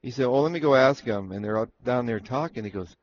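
In a casual storytelling interview, a man shares rambling anecdotes from his years training racehorses, acting out other people's lines and often restarting sentences. His mid-range voice is quick and slightly mellow, and the sound is lo-fi.

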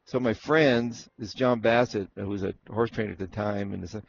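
In a casual interview, this Arizona man who used to ride as a jockey recounts racing-day stories, animatedly acting out people's words. His voice sits on the low side and is creaky, moving at a moderate pace with few pauses. Faint noise runs under a dull, lo-fi recording.

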